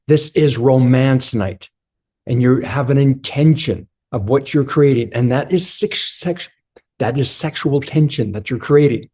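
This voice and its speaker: A man's voice: medium pitch, mellow. A man giving a blunt, direct motivational coaching talk to other men about relationships, speaking straight to his listeners as brothers.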